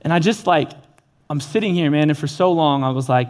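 High-voiced man preaching with animated storytelling. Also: brisk. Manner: animated storytelling, acts out dialogue. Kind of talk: energetic sermon.

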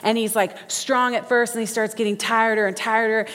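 A woman preaching a sermon, folksy and animated, acting out quotes as she tells stories. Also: a little high, brisk. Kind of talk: sermon with storytelling. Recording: reverberant hall.

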